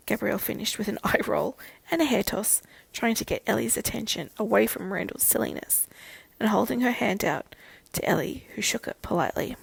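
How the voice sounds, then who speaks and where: A woman narrating a fan fiction audiobook in a steady storytelling manner. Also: medium pitch, brisk, gravelly, breathy edge, no echo, poor audio.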